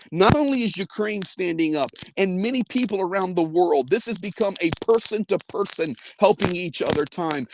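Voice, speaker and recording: High-voiced earnest man, noisy car recording. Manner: earnest storytelling, quoting others. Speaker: host. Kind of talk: live faith-based update. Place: inside a car.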